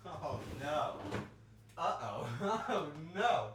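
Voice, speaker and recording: Playful male streamer, cooking and chatting, animated delivery, a bit high, echoey home kitchen. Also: extremely slow. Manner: playful, chatty, answers chat aloud. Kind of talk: casual cooking stream chat. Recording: roomy kitchen with faint noise.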